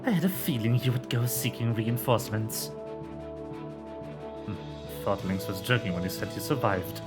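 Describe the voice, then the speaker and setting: A man voicing a cold, scheming male villain commander with slow, menacing line readings from a game. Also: lowish voice, animated, music in the background, close to an everyday voice.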